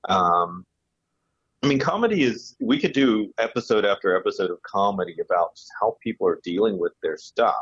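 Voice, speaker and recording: A man's voice: lowish voice, slightly rough, no room sound, muffled recording. A man co-hosting a podcast in casual chat, rambling with restarts and fillers. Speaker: podcast co-host.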